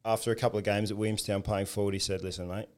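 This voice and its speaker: An easygoing Australian man with a low voice recalls his football career in relaxed conversation. He chuckles now and then as he tells it. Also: rapid-fire. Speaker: former professional footballer. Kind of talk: casual podcast chat.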